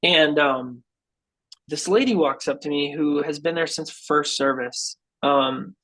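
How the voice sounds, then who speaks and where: Animated man telling a faith story. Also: a little high, unhurried, low-quality recording. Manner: animated and earnest, says "dude" and "like" often; acts out quoted people in his story. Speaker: guest musician. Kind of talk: casual storytelling in a podcast interview.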